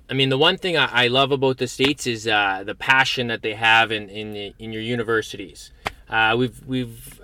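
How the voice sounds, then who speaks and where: Canadian man, guest in a relaxed chat, bright forceful tone, lots of false starts. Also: medium pitch, a little hiss or hum. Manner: stammering restarts, easygoing. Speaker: guest, host's brother. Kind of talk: casual conversation.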